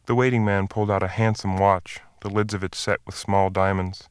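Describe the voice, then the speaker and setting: A man narrating a classic short story in a measured, even reading voice. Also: low-pitched, smooth, no echo, studio quality.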